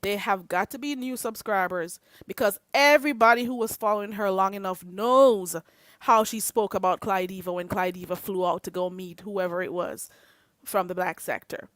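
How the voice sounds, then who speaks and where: Woman, vlog host, heated rant, heavy swearing, repetitive, average pitch, dry close sound. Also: fairly even intonation, moderate pace, dry recording. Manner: profane, confrontational, repetitive. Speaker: channel host.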